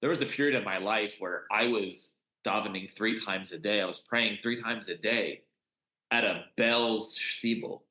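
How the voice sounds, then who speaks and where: A man being interviewed as a congregation organiser, talking passionately with frequent restarts and swings in pitch. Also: normal speed, pushed and bright. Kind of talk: conversational podcast interview. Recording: roomy echo.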